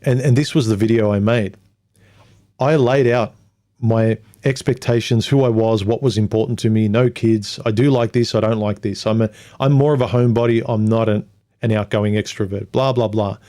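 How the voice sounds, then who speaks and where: A man's voice: fairly low pitch, steady tone, moderate pace, dark tone. A man hosting a livestream, reading viewer comments and talking through them in a rambling way, sometimes mocking others in put-on voices. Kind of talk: casual livestream monologue.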